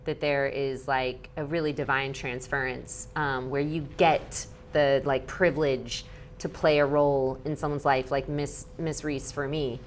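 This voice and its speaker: Low-voiced chatty woman. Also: flat delivery, unhurried, slight background noise. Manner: bubbly, heavy use of "like", acts out quotes. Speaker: guest speaker and activist. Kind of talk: animated interview talk.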